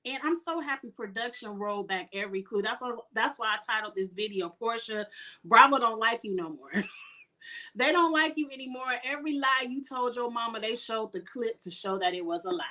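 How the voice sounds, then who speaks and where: A middle-aged woman, talking in a fairly high voice. She rants bluntly through a casual live recap with plenty of swearing and frequent throat clearing. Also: lively intonation, fairly quick, pushed and bright. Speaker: reality TV recap host.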